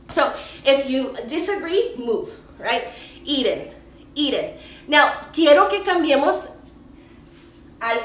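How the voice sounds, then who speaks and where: A woman from the United States, a native English speaker, teaching English in a livestream and switching between Spanish and English, repeating words slowly. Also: high-pitched, roomy sound. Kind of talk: bilingual livestream lesson.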